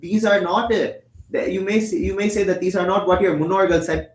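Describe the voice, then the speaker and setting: Fast-talking young man giving a temple discourse. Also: high voice, fairly even intonation. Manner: explanatory, asks and answers his own questions; chants Tamil verses quickly. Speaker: temple lecturer. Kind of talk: religious discourse. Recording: echoey room.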